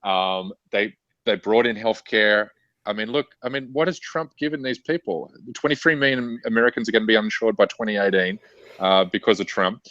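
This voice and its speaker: A man's voice: on the low side, brisk, a bit bright, dry recording, lo-fi sound. A man appearing as a guest author and activist, arguing political points fluently with many fillers. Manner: fluent, argumentative, many "you know" fillers. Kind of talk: political discussion.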